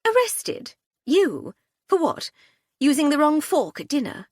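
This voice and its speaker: A woman's voice: fairly high pitch, sing-song, a little slow, breathy edge, no room sound, studio quality, pitched above the performer's own voice, full character voice. A woman narrator voicing a brusque, scornful young woman who snorts and sneers at others.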